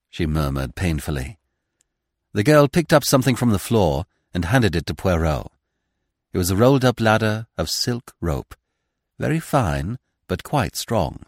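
A man narrating a classic mystery novel as a podcast reader, in a measured, expressive storytelling manner. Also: sits low, dry recording, clean studio sound. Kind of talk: audiobook reading of a classic mystery.

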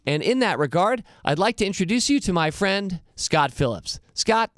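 A man's voice: sits high, big pitch swings, normal speed, a bit bright, no room sound, clean studio sound. A man hosting an investing podcast, answering listener mail in an upbeat, earnest way. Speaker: podcast host.

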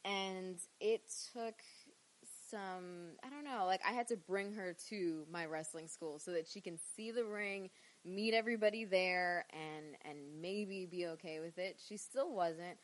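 A woman's voice: on the low side, unhurried, rough recording. A woman in her thirties from Queens with a New York accent, telling stories as a guest in a casual podcast interview, chatty and full of fillers. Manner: chatty, animated storyteller, many fillers. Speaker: interview guest, professional wrestler.

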